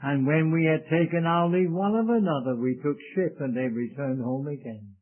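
A man's voice: on the high side, moderate pace. A man preaching a sermon in an earnest, solemn way, speaking to his listeners as beloved. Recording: tinny lo-fi phone-like recording.

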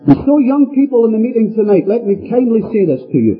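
A man's voice: extremely high pitch, sing-song, fairly quick, hardly any pauses. A man preaching an earnest sermon to a congregation, with a swooping delivery. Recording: tinny phone-like radio recording with faint music.

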